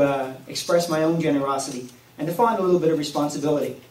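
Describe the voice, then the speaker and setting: A middle-aged man with a Newfoundland accent telling a personal story to a live audience in a folksy, animated way, recorded at a community event. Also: fairly high pitch, fast. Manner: folksy, warm-hearted, lively with laughs. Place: community hall at a Christmas event. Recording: echoey room, mic at a distance, faint noise.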